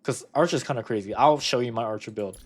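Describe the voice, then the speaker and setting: A young man talks through his game account in a loose, rambling way, often correcting himself mid-sentence. His voice sits at an ordinary middle pitch. He breaks into sudden excited bursts between stretches of low-key muttering. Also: fast talker, faint music behind. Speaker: gaming content creator. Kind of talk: casual gameplay commentary.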